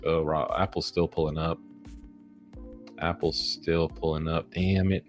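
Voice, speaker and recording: Deep-voiced man narrating his stock trades. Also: unhurried, faint music behind. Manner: excitable, swearing, talks to the chart. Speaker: day-trading vlogger. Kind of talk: casual live trading commentary.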